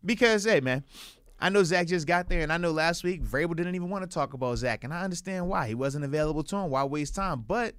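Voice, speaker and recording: A man's voice: a little high, fast talker, a bit bright, smooth, no echo, studio quality. A man co-hosting a casual sports podcast, talking in an emphatic, hyped and playful way, stretching words for effect.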